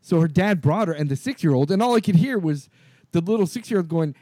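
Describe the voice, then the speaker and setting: A man co-hosting a podcast, telling stories in an animated, profane way and acting out the quotes. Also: high-pitched, fast talker. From California. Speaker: podcast co-host. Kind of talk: casual chat.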